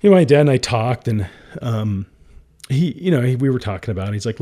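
A man's voice: mid-range voice, animated, a little fast, warm tone. Heartfelt middle-aged man telling his story. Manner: emotional, heartfelt, laughs often. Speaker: entrepreneur guest. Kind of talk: candid interview storytelling.

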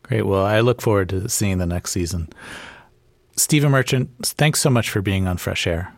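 A man interviewing a guest on a radio show, asking slow, measured questions. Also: on the low side, gravelly, dry recording.

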